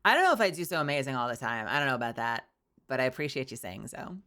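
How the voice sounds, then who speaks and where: A woman's voice: extremely low pitch, sing-song, quick pace, a bit bright. A young woman streaming casually, bubbly and rambling, often laughing. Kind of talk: casual livestream chat.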